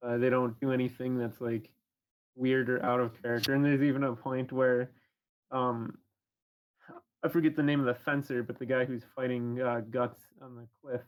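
A man with a middle-pitched, very flat voice chats on a podcast. He gropes for words, filling gaps with uh and um as he works through his ideas. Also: normal speed, phone-quality sound. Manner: hesitant, full of uhs and ums. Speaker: podcast co-host. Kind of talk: casual chat.

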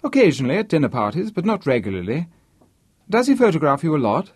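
A man's voice: fairly high pitch, wildly swooping pitch, fast, slightly rough, no room sound, studio quality, voice pushed up, heavily acted. A man voicing a charming, diffident young man who chats politely with a woman on a train. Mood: eager, chatty.

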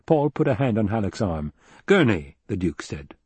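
A man reads an audiobook in a low, husky voice, steady and even-toned. The recording is close and dry. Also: brisk, no echo. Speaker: audiobook narrator. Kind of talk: scripted narration.

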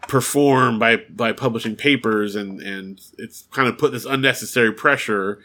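A podcast co-host with a medium-pitched, pushed, bright voice casually recaps an episode at a moderate pace. He acts out the characters' lines and laughs as he goes through the plot.

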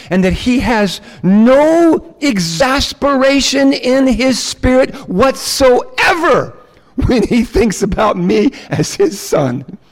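A man who is a pastor, preaching a sermon in a casual, animated way and acting out quotes. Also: sits high. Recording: long hall reverb.

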